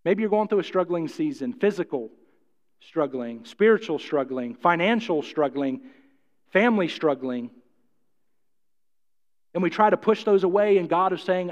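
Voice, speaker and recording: A middle-aged preacher with a notably high voice delivers a folksy, joking sermon, repeating phrases and asking the room questions. His voice rings with a long hall reverb, and the recording sounds somewhat dull and muffled. He talks like a pastor chatting with his own congregation. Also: expressive, normal speed, long pauses. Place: church hall.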